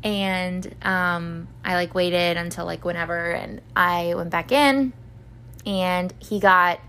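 A woman's voice: fairly low pitch, steady tone, slow, a bit bright, slight background noise. A young woman hosting a podcast, telling a personal story in a rambling, casual way, full of fillers and swearing. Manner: rambling, filler-heavy, swears freely, acts out voices of others. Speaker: podcast host.

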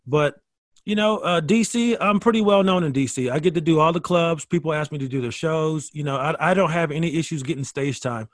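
Male comic guest, higher-pitched, chatty and profane, recorded dry and close. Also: a little fast, no echo. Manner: animated storytelling, swearing, many restarts. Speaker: guest comedian. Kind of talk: casual podcast conversation.

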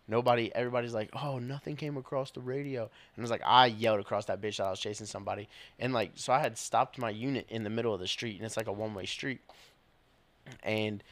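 A young man, a police officer and podcast co-host, telling stories in casual chat, animated and swearing, often laughing. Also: lowish voice, no echo.

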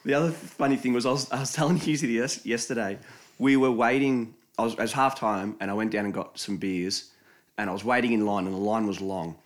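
A man's voice: lowish voice, brisk. A young Australian man telling a story in casual chat, swearing freely and laughing often.

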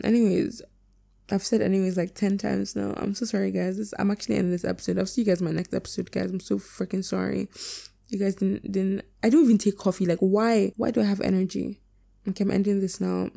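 A young woman hosting a podcast, rambling chattily through her outro, self-deprecating, swearing casually and slurring words as she rushes. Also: medium pitch, level tone, vocal fry, mellow. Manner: fast, slurred enunciation. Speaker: podcast host.

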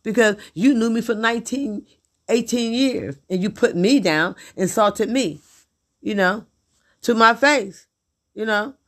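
A woman's voice: a little high, measured pace, a bit bright. A middle-aged woman venting in a blunt, profane, repetitive monologue about her husband. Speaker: vlogger.

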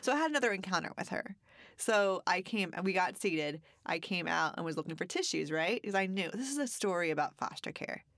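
Brief: woman podcast co-host, chatty storyteller, lower voice, dry recording. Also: expressive, fairly quick, a bit bright, dry recording. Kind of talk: casual chat.

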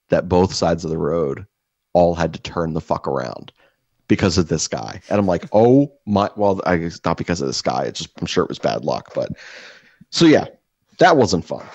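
A young man with a very deep, low voice rambles through profane stories in casual podcast chat. The sound is dry and a bit dull, like a close home mic. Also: dry recording. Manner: swearing, rambling storyteller. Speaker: podcast co-host.

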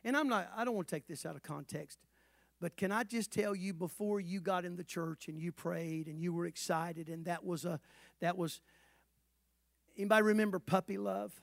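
In a church sanctuary, a pastor with a strikingly high voice and some vocal fry preaches at a moderate pace, swinging from shouted exhortation to soft, low asides. He keeps questioning the congregation and calling for responses. The recording is close and dry, with almost no room echo.

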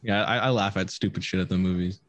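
A man's voice: sits low, fast talker, no echo. A young man chatting casually on a podcast, telling stories with lots of swearing and laughter. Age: young adult. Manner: animated storyteller, swears often, laughs a lot. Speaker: podcast co-host, streamer. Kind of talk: casual chat.

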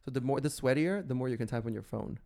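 A man's voice: medium pitch, quick pace, vocal fry. A man with an Irish accent, a podcast co-host telling stories in casual chat and acting out the dialogue. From Ireland. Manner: animated gossipy storytelling, acting out dialogue.

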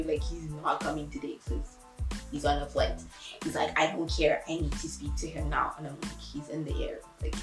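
A young woman casually telling a story, acting out the voices of everyone in it and laughing as she goes. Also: reverberant. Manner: animated, acts out quotes with big pitch jumps and laughs. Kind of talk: casual anecdote.

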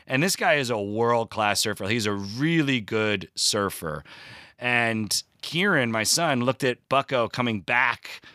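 A man's voice: mid-range voice, lively intonation, measured pace, bright, forceful tone, no echo, studio quality. A man, an actor and comedian in his forties, telling self-deprecating stories in a casual chat and swearing freely. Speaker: podcast guest, comedic actor.

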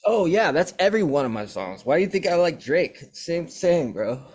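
A young man who hosts a podcast and raps, chatting casually and telling animated, profane stories. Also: a little high, moderate pace. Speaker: podcast host and rapper. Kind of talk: casual chat.

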